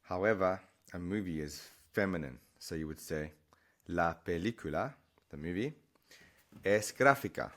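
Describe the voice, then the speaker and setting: A man teaching vocabulary to camera, chatty and encouraging, often pausing to check in with the learner. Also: sits low, expressive. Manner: chatty, encouraging, repeats and restarts while explaining. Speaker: Spanish teacher.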